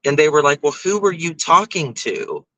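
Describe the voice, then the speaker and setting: A man's voice: on the high side, animated, normal speed, pushed and bright, dry recording, rough recording. A man hosting a casual livestream, chatting through stories and thanking viewers by name for gifted memberships. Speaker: livestream host.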